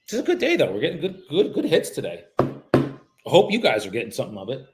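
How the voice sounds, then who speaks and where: A man's voice: mid-range voice, wildly swooping pitch, fast talker, music in the background. A man from the United States, a real estate agent, making cold calls and chatting casually between them, profane and joking. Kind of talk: livestreamed cold calling with running commentary.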